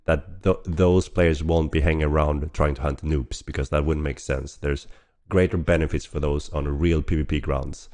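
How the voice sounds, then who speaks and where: A man hosting a casual livestream Q&A while hoarse from a cold, with a rough, gravelly voice, coughing and clearing his throat often. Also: a bass voice, steady tone, moderate pace, hardly any pauses, a little mellow. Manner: chatty, frequent throat clearing and laughs. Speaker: game developer hosting a weekly stream.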